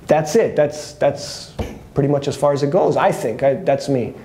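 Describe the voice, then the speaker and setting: Mellow man giving his opinion. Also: medium pitch, moderate pace. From Canada. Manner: candid, conversational, thinking aloud with restarts. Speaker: host. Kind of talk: opinion commentary monologue.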